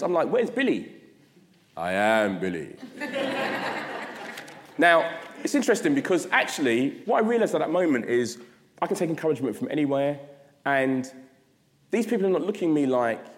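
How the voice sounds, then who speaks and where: A man with a London accent tells his life story at a middle pitch. He talks in an animated way and acts out his own past thoughts. His voice rings with a long reverb in a large hall. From South London, England. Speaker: guest speaker giving an address. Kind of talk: storytelling talk.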